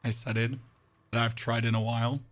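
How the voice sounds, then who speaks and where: A hoarse-voiced man chats casually with his stream audience while playing. His voice is worn nearly away and sits at an ordinary, mid-range pitch. He speaks in a flat, unemphatic monotone. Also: fairly quick. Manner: talks to chat with frequent "right?". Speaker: game streamer.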